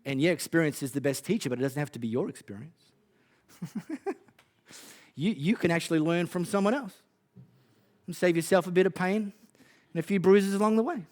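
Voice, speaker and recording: An Australian man preaching a sermon as a pastor, conversational and animated, with playful asides. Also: high-pitched, fairly quick, pauses often.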